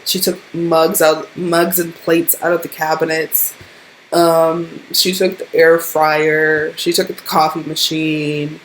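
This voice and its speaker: A woman's voice: low voice, a little hiss or hum. A young woman vlogger animatedly telling a profane storytime tale to her camera. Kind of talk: storytime vlog.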